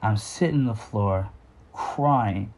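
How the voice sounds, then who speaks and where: A middle-aged man telling a personal story off the cuff, halting and earnest, with sighs and restarts. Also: lowish voice, a little mellow, breathy edge. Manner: halting, with frequent fillers and restarts; earnest and sighing. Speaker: memoir storyteller.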